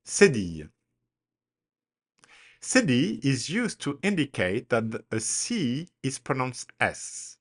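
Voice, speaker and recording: A man teaching French pronunciation, speaking deliberately and spelling words out letter by letter in a slow drill. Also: medium pitch, big pitch swings, slightly rough.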